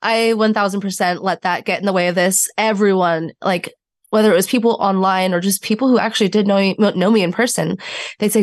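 Twenty-something woman telling her story on a podcast, mid pitch, acts out quotes. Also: fairly quick, dry recording, clean studio sound. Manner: animated storyteller acting out quotes. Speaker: podcast guest. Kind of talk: candid interview storytelling.

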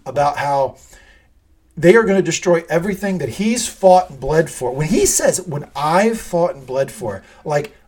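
Slightly high and expressive, this man's voice runs at normal speed with a somewhat mellow, slightly rough quality. He's co-hosting a podcast, animatedly going over a TV episode in casual conversation, swearing a lot and performing the quoted lines.

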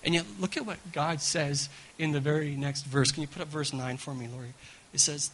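Bright-voiced, animated male preacher. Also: a little high, fairly quick, a little hiss or hum, poor audio. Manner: animated, repeats words, keeps asking "right?". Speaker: guest pastor. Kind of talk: sermon. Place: church gathering.

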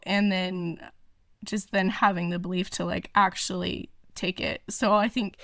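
A woman's voice: on the low side, level tone, unhurried, creaky, a bit bright, no echo, clean studio sound. A woman talking casually as a podcast guest, chatty and full of fillers and restarts. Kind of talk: casual interview chat.

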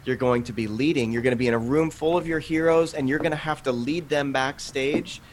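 Earnest man in his thirties, animated. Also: medium pitch, brisk, slight background noise. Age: 30s. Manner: earnest, animated storytelling with quoted asides. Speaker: podcast guest, author. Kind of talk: conversational interview.

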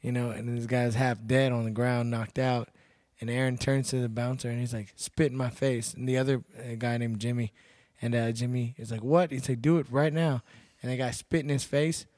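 In a studio-quality, dry recording, a young man from Texas who works as a bouncer and fights MMA shares stories on a casual podcast. He's blunt, laid-back, and swears freely, speaking a little fast in a slightly mellow, medium-pitched voice with little pitch movement.

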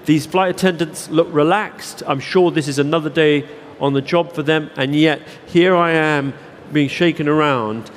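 A man speaking on stage to a packed theatre, telling a meandering, self-deprecating story full of false starts and asides. His voice sits a touch high for a man. The sound carries the long reverb of a big hall with faint noise underneath. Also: moderate pace. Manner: rambling, self-deprecating storytelling with many restarts. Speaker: keynote speaker. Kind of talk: live stage anecdote and Q&A. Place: large theatre with audience.

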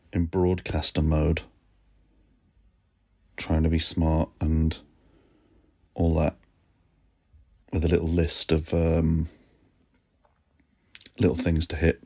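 Podcast host, male, deep, slow and husky, drowsy chat from bed, phone-recorded. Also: darkish tone. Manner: sleepy, yawning, self-mocking. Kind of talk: relaxed reflective solo chat. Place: lying on his bed at home. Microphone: phone voice notes app.

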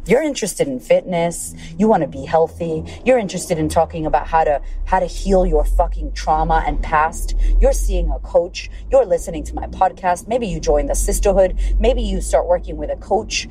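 A woman's voice: on the low side, moderate pace, few pauses, mellow, slight background noise, rough recording. A woman hosting a podcast, giving a blunt, profane, fired-up motivational pep talk. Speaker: podcast host and life coach.

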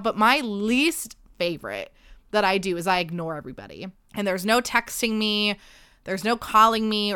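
Bright chatty woman in her late twenties. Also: clean tone, dry recording, clean studio sound. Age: late 20s. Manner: chatty and self-deprecating, with frequent fillers and pitch jumps. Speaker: podcast host. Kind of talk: casual confessional chat.

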